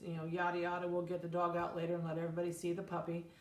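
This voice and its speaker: A woman's voice: on the low side, monotone, rapid-fire, echoey room. A middle-aged woman breeder giving casual, practical puppy-care advice in a plainspoken, chatty way. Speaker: dog breeder. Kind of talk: casual instructional talk.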